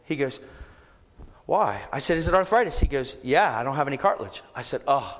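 A man preaching a sermon, telling a story and then exhorting the congregation with rising, shouted emphasis. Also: medium pitch, expressive, brisk. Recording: echoey hall, long reverb.

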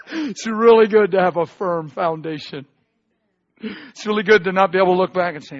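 A male preacher with a husky, slightly high voice gives an emotional testimony sermon. He swings between loud outbursts and hushed, near-whispered stretches. The recording sounds muffled and lo-fi. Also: huge pitch swings, normal speed, long pauses, no room sound.

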